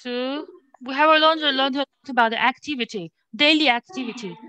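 Woman, French tutor, patient, corrective, bright tone. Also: high-pitched, brisk, clear, resonant tone, dry recording, low-quality recording. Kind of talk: one-on-one language lesson.

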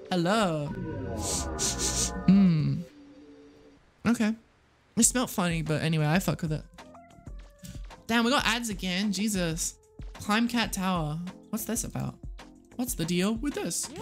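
A young woman livestreaming a video game, excitable, gasping and swearing as she plays. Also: medium pitch, a little slow, pauses often, soft background music. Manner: excitable, swears and gasps, lively. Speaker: streamer. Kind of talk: live game stream commentary.

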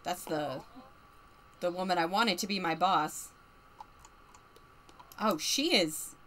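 A woman's voice: lowish voice, takes it slowly, a bit bright, slight background noise. A woman streamer giving chatty, casual commentary as she plays a life-simulation game, narrating what the characters feel and laughing often.

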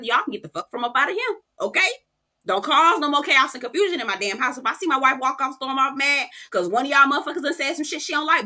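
A woman's voice: fairly high pitch, sharp tone. A woman doing a swearing, furious husband. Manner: blustering, swearing, scolding. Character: irate protective husband, man, streetwise and blunt.

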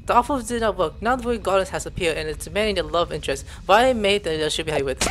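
A young man playing a video game, reading its text aloud and reacting with excited outbursts. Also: high-pitched, rapid-fire, slight background noise. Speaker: gameplay streamer. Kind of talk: casual game commentary.

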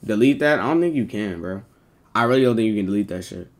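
A man's voice: on the low side, expressive, fast talker. A man livestreaming, chatting casually to his viewers in rambling slang full of swearing.

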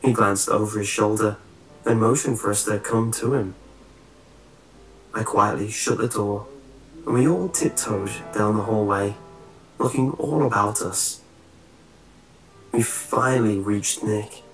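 A man with a fairly low voice narrates a horror story at a steady, measured pace. His delivery is even and scripted. Faint music runs underneath. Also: echoey room, rough recording.

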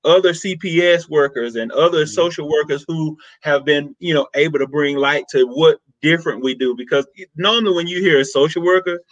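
Southern guy from mississippi, social worker on a podcast, lively storyteller, dry close sound. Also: fairly high pitch, brisk, hardly any pauses, dry recording, dull audio. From Mississippi, USA. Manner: animated storyteller, acts out quotes. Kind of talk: casual interview chat.

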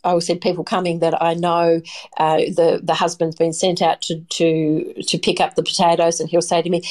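A woman's voice: on the low side, flat delivery, normal speed, a little mellow. A middle-aged Australian woman, a potato farmer, chatting enthusiastically and rambling through anecdotes in an interview. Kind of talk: casual chat.

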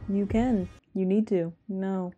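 A young woman hosting a movie reaction, talking quietly and close to a whisper with wry quips. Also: mid-range voice, steady tone, slow pace, highs cut off, faint music behind. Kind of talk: hushed movie reaction chat.

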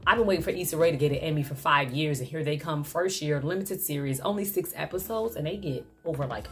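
A young woman talks straight to her camera in a loose, slangy vlog chat, candid and open about her feelings. Her voice sits low for a woman. Faint music plays underneath. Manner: candid, emotional, slangy and chatty. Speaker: vlogger.

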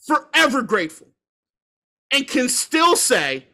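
A man's voice: extremely high pitch, animated, normal speed, bright, forceful tone. A man co-hosting a casual sports podcast, ranting heatedly and swearing often. He grew up in the Washington, D.C. area. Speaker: podcast co-host.

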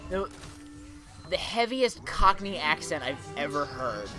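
A man's voice: fairly high pitch, big pitch swings, measured pace, music in the background. A man casually chatting while playing a video game, telling stories in a rambling way with lots of fillers. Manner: rambling storyteller, many fillers and restarts. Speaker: gameplay commentator. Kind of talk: casual chat over gameplay.

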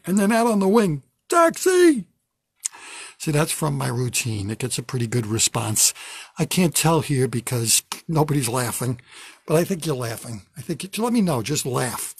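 An older man doing a wry, self-deprecating stand-up routine from his home basement, with sudden loud bursts when he acts out a bit. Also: medium pitch, breathy edge, no room sound, clean studio sound. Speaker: stand-up comedian.

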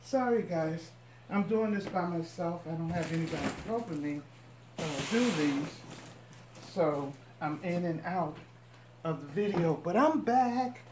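A woman's voice: low-pitched, unhurried. A woman vlogger chatting to her viewers as she unpacks boxes and shows each item. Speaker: couponing vlogger. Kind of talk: casual unboxing narration. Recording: echoey room with noise.

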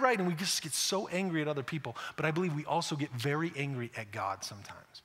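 A man's voice: a little high, fast talker, fairly bright tone. A male pastor preaching a conversational sermon, acting out quotes and often repeating words. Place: church sanctuary. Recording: echoey church hall.

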